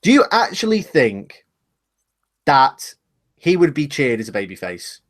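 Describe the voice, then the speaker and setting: A man's voice: mid-range voice, very animated, a little slow. A man co-hosting a casual live discussion show, rambling and speculating, laughing at himself, talking over a webcam. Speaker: podcast co-host.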